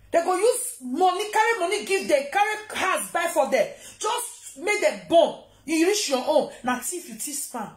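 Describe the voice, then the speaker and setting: A woman's voice: extremely high pitch, big pitch swings, normal speed, hardly any pauses. A Nigerian woman vlogger ranting to camera, scolding and taunting someone. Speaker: social media vlogger. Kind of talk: confrontational rant to camera. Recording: roomy echo.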